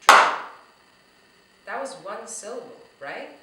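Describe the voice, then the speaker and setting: A woman leads a drumming lesson for young children, speaking slowly and with encouragement. Her voice is bright. It comes from some way off the mic and echoes around the room. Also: medium pitch, animated, distant mic, a little hiss or hum. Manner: slow, encouraging, talks straight to the kids. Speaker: music teacher for young children.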